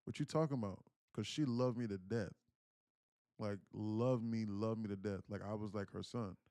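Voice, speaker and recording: His voice is lowish and dark with a level tone, and he speaks a little slowly. Around thirty, he hosts a day trading livestream and tells a personal family story earnestly and candidly, frequently repeating himself. The recording is dry and studio quality.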